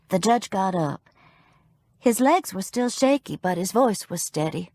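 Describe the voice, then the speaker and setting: Slow, lively-voiced woman narrator. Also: mid-range voice, no room sound, studio quality. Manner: wry, storytelling. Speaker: audiobook narrator. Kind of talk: first-person audiobook narration.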